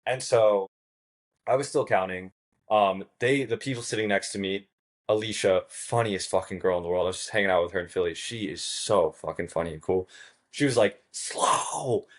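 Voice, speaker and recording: A man who is a podcast guest, telling a story in a casual, animated way, swearing freely and acting out what others said. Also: sits low, fairly quick. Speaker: podcast guest, game show contestant.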